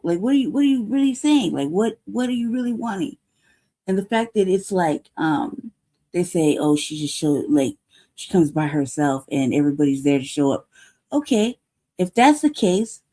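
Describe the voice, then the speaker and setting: Profane, heated woman with a dark voice. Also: medium pitch. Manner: rhetorical questions, repeats herself. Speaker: news show host. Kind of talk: casual livestream commentary.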